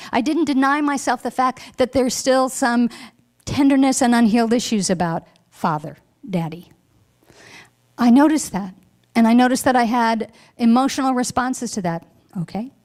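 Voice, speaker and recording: A woman's voice: fairly high pitch, darkish tone. Woman minister giving a heartfelt sermon. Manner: heartfelt, reflective, emotional at times. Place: church hall.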